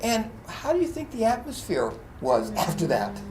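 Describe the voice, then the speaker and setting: Male pastor, animated storyteller, echoey church room, faint background hum. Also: high-pitched, normal speed. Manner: animated storyteller, acts out quotes, laughs often. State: choked up at times. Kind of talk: sermon.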